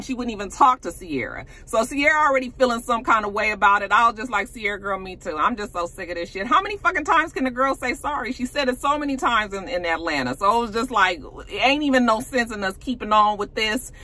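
A woman's voice: on the high side, lively intonation, brisk, hardly any pauses, pushed and bright. A woman casually recapping a reality TV episode, chatty and sassy, with "you know" asides and laughs as she talks.

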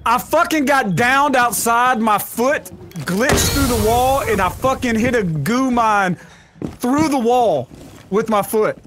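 A man playing a video game with a friend, reacting loudly, swearing and yelling as he chats casually. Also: extremely high pitch, takes it slowly, slight background noise. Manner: loud, excitable, swears and yells in reaction. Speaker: gaming guest. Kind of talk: casual gaming chat with a friend.

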